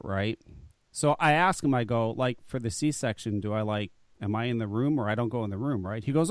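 A man's voice: medium pitch, brisk, dry recording, studio quality. A man telling a long, profane story in casual chat, full of restarts and stammered repeats. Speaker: guest.

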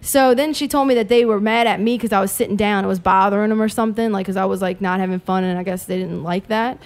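A young woman co-hosting a casual chat, telling a story animatedly and swearing often, acting out quotes loudly. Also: medium pitch, fairly even intonation, fast. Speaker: podcast co-host telling a story.

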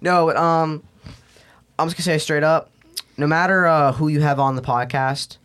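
A man's voice: a little high, fairly even intonation, normal speed, fairly bright tone, smooth. A man guesting on a casual podcast, telling rambling stories full of slang and swearing, recorded in a small bedroom closet.

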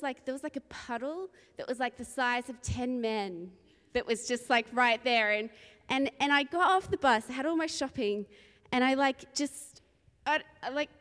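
A woman from Australia, a preacher, opening a sermon with a lively, rambling personal story and frequent laughter. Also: high voice, moderate pace. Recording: long reverb in a large hall.

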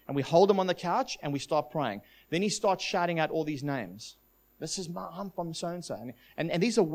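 A man preaching a sermon, telling a testimony in an animated storytelling manner. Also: a little high. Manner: animated storytelling, voices quoted demons.

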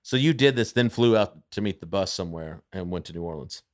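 A man's voice: low voice, expressive, fairly quick, dry recording, clean studio sound. A man, a comedian guest on a podcast, chatting in a laid-back way with short interjections. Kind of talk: casual chat.

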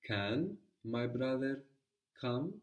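A man teaching a guided language lesson, patiently prompting and repeating answers slowly. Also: medium pitch, lively intonation, distant mic.

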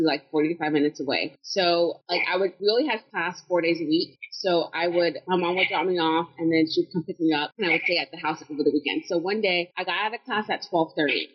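A young woman telling a story in a casual group chat, acting out other people's lines with lively energy. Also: lowish voice, breathy edge, muffled recording. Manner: animated, acts out quotes. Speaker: panel guest.

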